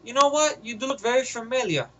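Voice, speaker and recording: एक आदमी एक सख़्त महिला सैनिक का किरदार निभाता है, जो ताने कसते हुए, तिरस्कार भरे लहजे में बोलती है।. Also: male voice, extremely high pitch, expressive, fast, sharp tone, voice pushed up, exaggerated voice. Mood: taunting. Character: tough female soldier, cold and taunting.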